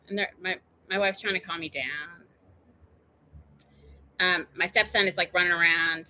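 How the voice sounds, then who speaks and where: Bright-voiced woman telling a rambling story. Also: medium pitch, normal speed. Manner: chatty, meandering, full of tangents and fillers. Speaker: show host.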